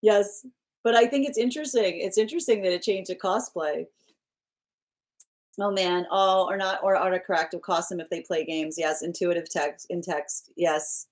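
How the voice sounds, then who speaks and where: A woman's voice: fairly low pitch, steady tone, normal speed, darkish tone. Chatty woman tarot reader on a live stream. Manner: chatty and loose, laughs often, restarts sentences. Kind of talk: casual live-stream chat, reading viewer comments. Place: at home with her pet nearby.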